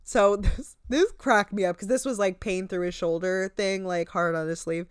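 A woman's voice: mid-range voice, normal speed, clean tone, no room sound, studio quality. A woman co-hosting a casual podcast, animatedly recapping a show with lots of "like" and swearing. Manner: animated storytelling, swearing, heavy use of "like". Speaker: podcast co-host.

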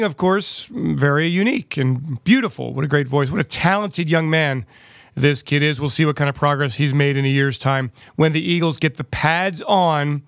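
A man's voice: a little high, a bit bright, no echo, clean studio sound. A man hosting a sports podcast, upbeat and quizzing his guest. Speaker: podcast host.

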